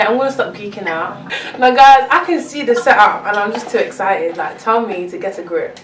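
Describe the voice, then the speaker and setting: A young woman with a London accent chatting excitedly through a mukbang vlog, rambling and giggling between bites. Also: medium pitch, a little fast, few pauses, distant mic. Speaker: vlogger. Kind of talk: casual mukbang chat. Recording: roomy echo, mic some way off.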